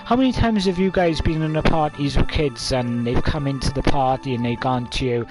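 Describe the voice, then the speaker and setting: A man's voice: mid-range voice, a little fast, darkish tone, soft background music. A man of twenty-five, telling a story casually to camera with lots of fillers. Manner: rambling, many fillers, coughs and laughs.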